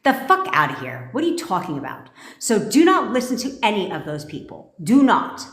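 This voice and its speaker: A manifestation coach on a livestream speaks in a fairly high, sing-song voice at a moderate pace, recorded in an echoey room. Her pep talk is a forceful, blunt, profane rant, and she repeats commands for emphasis.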